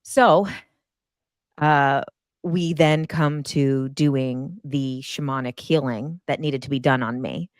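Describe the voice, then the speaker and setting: A woman in her thirties telling a personal story in casual chat, animated and acting out her own past reactions. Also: slow pace, dry recording, clean studio sound. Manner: animated, acts out her own past lines in high excited bursts.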